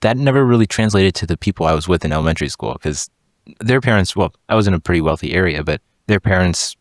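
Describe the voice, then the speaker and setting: A young man from India and Sri Lanka hosting a podcast, talking in a halting way and repeating words as he works toward his point. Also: low voice, animated, no echo, studio quality. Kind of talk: casual conversation.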